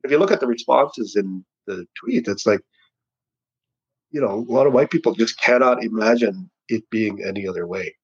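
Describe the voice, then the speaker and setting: A man with a husky, breathy voice talks in a loose, rambling way, often stopping to restart his sentences. His humor is dry and sarcastic. The audio sounds a little dull and lo-fi. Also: lowish voice, moderate pace. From Canada. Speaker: satirical news writer. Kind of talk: casual interview conversation.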